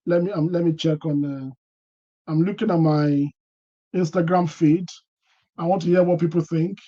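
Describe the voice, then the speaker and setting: High-voiced man chatting on a live stream. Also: a little mellow, highs cut off. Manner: chatty, repeats and restarts words, reads chat comments aloud. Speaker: career mentor hosting a live stream. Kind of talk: live-stream talk to an online audience.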